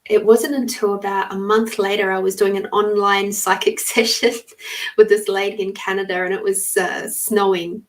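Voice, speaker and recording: A woman hosts a live stream in a casual storytelling voice. She rambles along and breaks off to greet viewers. Her voice sits at a middle pitch and sounds a bit distant from the microphone. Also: flat delivery, moderate pace. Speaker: podcast host giving live readings.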